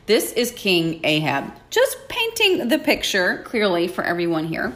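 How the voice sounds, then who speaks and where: Woman podcast host, animated pitch, playful, dramatic storytelling, acts out characters. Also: unhurried, few pauses. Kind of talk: casual Bible storytelling.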